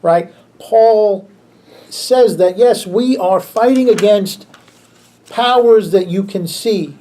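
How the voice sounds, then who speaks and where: Creaky-voiced pastor teaching a class. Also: male voice, high-pitched. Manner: relaxed, chuckles often, frequent restarts. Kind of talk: conversational Bible class teaching.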